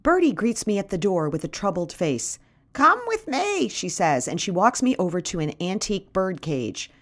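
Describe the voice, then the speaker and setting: Lively woman telling comic stories. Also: on the low side, normal speed. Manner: wry, dramatic storytelling. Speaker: podcast host and storyteller. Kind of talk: comic first-person storytelling.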